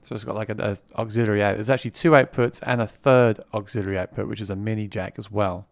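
Talking quickly into a vocal mic plugged into the mixer under review, a gear reviewer runs through a casual product demo. His fairly low voice is steady and creaky with no room sound, and he chats loosely, repeating words as he starts over.

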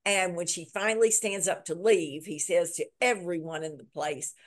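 A woman author, a guest in a video interview, telling a story with lively retelling and repeating words for emphasis. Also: lowish voice, moderate pace, few pauses. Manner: lively retelling that acts out quoted lines.

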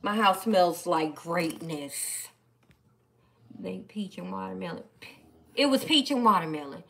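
A woman chatting casually on a live stream, playful and animated as she talks back to her viewers. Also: lowish voice, measured pace, vocal fry. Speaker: live-stream host reading viewer comments.

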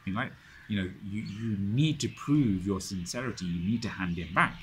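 A man's voice: on the low side, normal speed, fairly bright tone, slight background noise. A man teaching a study circle, retelling history dramatically with many restarts and frequent checks of "right?". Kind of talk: lecture storytelling.

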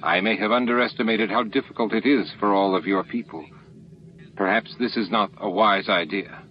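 A man's voice: fairly low pitch, normal speed, natural voice. A man voicing a firm, level-headed starship captain in his own voice, on a lo-fi recording with faint hiss.

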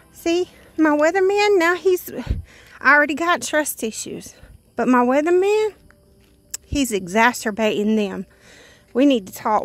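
A middle-aged woman with a Southern US accent, chatting casually and joking in animated, rambling rants as host of her painting channel. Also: on the high side.

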